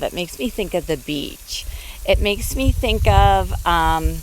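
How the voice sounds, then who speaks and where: A woman chatting excitedly to viewers as she walks through her garden, filming on a handheld phone outdoors. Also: fairly low pitch, normal speed, a little hiss or hum. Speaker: gardening vlogger. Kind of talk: casual garden walkthrough.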